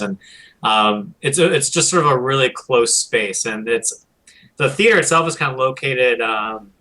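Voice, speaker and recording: Michigan guy, fast talker, bright forceful tone, chatty guest. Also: fairly low pitch, poor audio. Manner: rambling, lots of fillers, quick and bright. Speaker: guest commentator. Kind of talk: casual chat.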